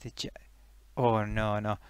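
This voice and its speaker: A man's voice: on the low side, little pitch movement, unhurried, clean tone, no room sound, clean studio sound, close to an everyday voice. A man voicing a cocky, touchy male potato from Newcastle with a Geordie accent, co-presenting a comedy puppet stream. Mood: indignant.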